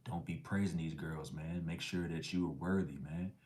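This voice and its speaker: A man's voice: rumbling low, fairly even intonation, normal speed, darkish tone. A middle-aged man hosting a casual livestream, reading the chat with laid-back slangy banter and dropping into whispered asides.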